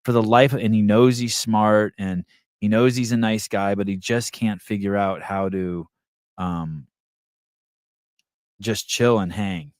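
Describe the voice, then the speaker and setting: Low-voiced, rambling podcast host man. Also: steady tone, slow, a little mellow, no echo, clean studio sound. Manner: rambling, profane, thinking aloud. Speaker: podcast host reading live chat. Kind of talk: casual livestream chat.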